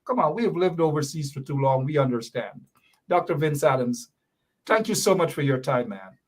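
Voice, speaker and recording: A man's voice: fairly high pitch, lively intonation, normal speed. A man hosting a talk show, talking casually and emotionally, rambling and half joking as he asks listeners to pray for him. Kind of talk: casual live-stream talk.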